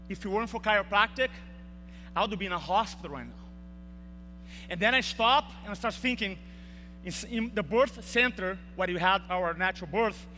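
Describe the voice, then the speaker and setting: A man's voice: high voice, bright, forceful tone. A young man giving a motivational speech in a large hall, telling an emotional story and acting out the quotes. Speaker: speaker. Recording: reverberant hall with faint hum.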